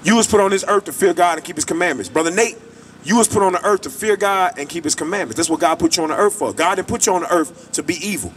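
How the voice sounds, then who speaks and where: A man's voice: high-pitched, fast talker, a bit bright. A man preaching on an outdoor street, emphatic and repetitive in a colloquial way. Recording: distant mic, traffic noise.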